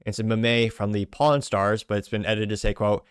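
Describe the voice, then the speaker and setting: A man's voice: on the low side, normal speed, few pauses, clean tone, dry recording, studio quality. A man hosting a show, reading viewer comments aloud with wry asides in between. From United States. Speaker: show host.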